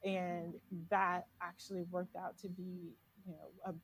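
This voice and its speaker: A woman's voice: on the low side, level tone, slow, slight background noise, low-quality recording. A woman as a podcast guest, telling personal stories in a candid, casual way. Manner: candid, personal storytelling with many "like"s. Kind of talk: casual interview conversation.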